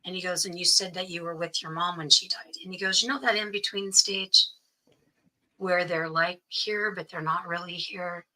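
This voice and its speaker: Bright-voiced woman telling her story. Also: lowish voice, steady tone, normal speed, low-quality recording. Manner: earnest, quotes others' speech as she tells it. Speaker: interview guest. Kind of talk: personal storytelling.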